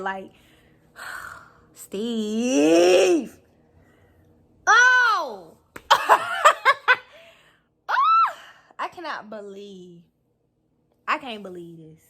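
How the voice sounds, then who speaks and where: A woman's voice: medium pitch, fairly bright tone, slight background noise. A woman reacting to a talk show clip on her vlog, heated and profane, breaking into laughter. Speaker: YouTube reaction vlogger. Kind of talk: casual reaction commentary.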